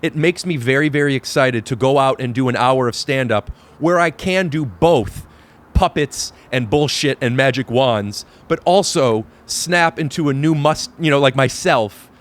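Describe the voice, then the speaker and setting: A man's voice: medium pitch, normal speed. A man hosting a podcast, talking earnestly in a rambling way with many restarts, outdoors on a balcony. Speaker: podcast host. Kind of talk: casual chat.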